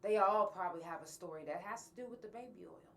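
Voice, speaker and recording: Speaking quickly with a creaky, medium-pitched voice, this woman sits far from the mic as she hosts her podcast. She delivers a frank, angry monologue straight to her listeners, full of swearing.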